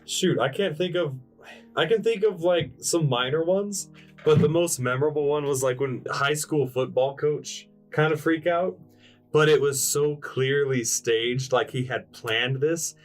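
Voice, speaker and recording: A man's voice: fairly high pitch, unhurried, distant mic, soft background music. A man on a casual comedy podcast telling stories in an easygoing way, chuckling often. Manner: laid-back storyteller, chuckles often. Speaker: podcast co-host.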